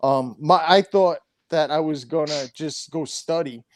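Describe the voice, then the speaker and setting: A middle-aged man tells a long, crude story in a rambling way. He swears freely and backs up to restart his sentences. His voice sits a little high, and it sounds dry and close to the mic. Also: measured pace, no room sound. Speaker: storyteller guest. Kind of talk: casual profane anecdote.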